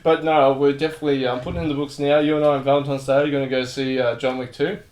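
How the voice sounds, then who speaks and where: A man's voice: medium pitch, fast talker. A man co-hosting a casual podcast, retelling film scenes with lots of swearing and quoted lines. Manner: animated storytelling, swears often, acts out scenes. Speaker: podcast co-host. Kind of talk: casual chat.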